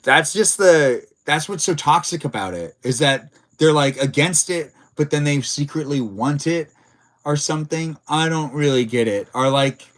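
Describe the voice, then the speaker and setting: Male streamer, casual stream host, rambling and filler-heavy, reacts to chat. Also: mid-range voice. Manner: rambling, many filler words; reads and answers chat messages. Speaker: livestream host.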